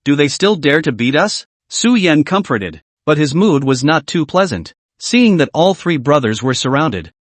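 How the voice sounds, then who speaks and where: A man narrating a comic recap in a scripted reading style, voicing the dialogue and the narration in the same steady voice. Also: on the high side, no echo.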